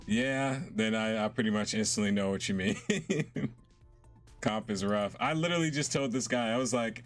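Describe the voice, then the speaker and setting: A man's voice: medium pitch, unhurried, long pauses. A young man chatting casually and laughing often while he streams a game. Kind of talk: casual live-stream chat while gaming. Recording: faint game music behind.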